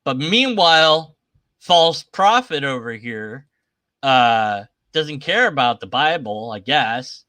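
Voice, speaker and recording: Irreverent male commentator, bright tense tone, dry close sound, mocking delivery. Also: medium pitch, lively intonation, takes it slowly, no echo. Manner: sarcastic, irreverent. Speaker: atheist commentator. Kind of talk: casual commentary reading scripture. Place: at his computer sharing his screen.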